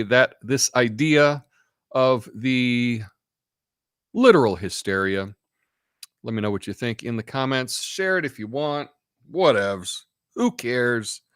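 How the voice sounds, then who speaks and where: A man's voice: medium pitch, fairly bright tone, smooth, no room sound, clean studio sound. A man hosting a casual live stream, rambling in an offhand way and reading out chat comments.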